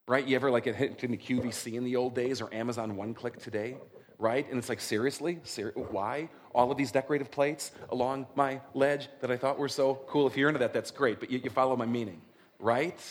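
Animated conversational male pastor. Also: mid-range voice. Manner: conversational, animated, frequent "right?" check-ins. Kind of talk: sermon.

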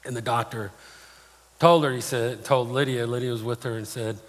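A male pastor delivers a sermon in a plain-spoken, personal manner, weaving in stories from his own life. His mid-pitched voice rings out with a long reverb tail from a large hall. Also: steady tone, moderate pace.

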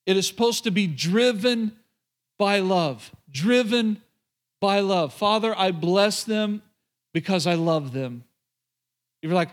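A man with a high voice preaches to a congregation, swinging between earnest exhortation and playful jokes. He slows right down to stress key lines, then rattles off quick asides to the room. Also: animated. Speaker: pastor. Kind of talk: sermon. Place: church before a live congregation.

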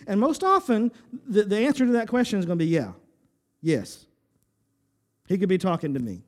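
A man delivers a sermon in a notably high voice. He drives his points home with rhetorical questions and emphatic repetition. His phrases often stumble and restart. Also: big pitch swings, moderate pace, long pauses. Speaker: pastor.

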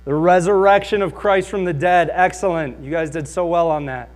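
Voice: medium pitch, brisk. A Bible teacher delivering an emphatic sermon, calling on the audience to answer aloud.

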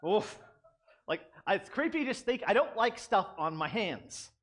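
Young male preacher, relaxed conversational sermon delivery, voice sits high and moves a lot. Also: measured pace. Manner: conversational, animated, self-deprecating asides. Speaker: pastor. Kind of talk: casual sermon.

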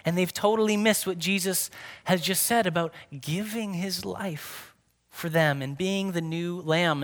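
Earnest, fairly high-voiced male preacher. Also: a bit bright. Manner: earnest preaching, slows and drops to a whisper for emphasis. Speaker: pastor. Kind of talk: sermon.

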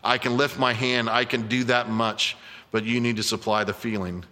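A man's voice: medium pitch, flat delivery, normal speed, bright, forceful tone, in a large hall. A man preaching a sermon as a pastor, telling a story earnestly and emphatically to his congregation. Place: church sanctuary.

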